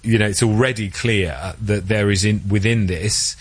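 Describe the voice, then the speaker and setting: A man reporting as a news correspondent in a very low, husky voice. He talks in a measured, analytical way, pausing now and then to find the right word as he weighs up a developing story. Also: fairly even intonation, no echo. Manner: measured, analytical, with occasional hesitations. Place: Washington.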